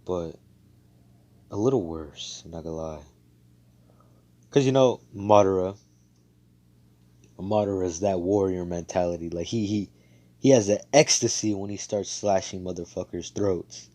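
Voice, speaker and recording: Brief: young man, laid-back slangy storyteller, deep voice. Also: unhurried, long pauses, warm tone. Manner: casual, slangy, profane, many fillers. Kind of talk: casual fan-fiction retelling.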